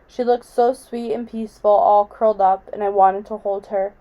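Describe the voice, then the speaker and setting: A woman reading a novel aloud in a quiet, measured way. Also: medium pitch, steady tone, muffled recording. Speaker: audiobook reader.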